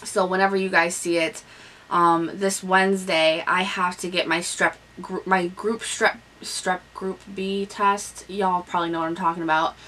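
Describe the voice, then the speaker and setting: A woman's voice: lowish voice, little pitch movement, normal speed, sharp tone, distant mic, rough recording. Chatty young woman, a bit off-mic. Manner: candid, chatty, with frequent ums and restarts. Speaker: vlogger. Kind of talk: casual pregnancy update vlog. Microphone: camera on a stand nearby.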